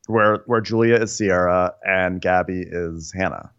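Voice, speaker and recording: A man's voice: low voice, unhurried, a bit bright, smooth. A man co-hosting a comedic reality TV recap podcast, making wry joking asides and laughing often. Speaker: podcast co-host. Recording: slightly dull lo-fi sound.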